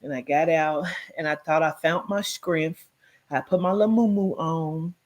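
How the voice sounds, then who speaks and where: A woman with a somewhat low voice recounts her own past in a blunt, profane way. She leans on "like" as she talks. Her delivery swings between loud, forceful emphasis and quiet, hushed stretches. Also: fairly even intonation, moderate pace. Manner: blunt and profane, with frequent "like" fillers. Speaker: guest sharing her life story. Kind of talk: candid personal storytelling.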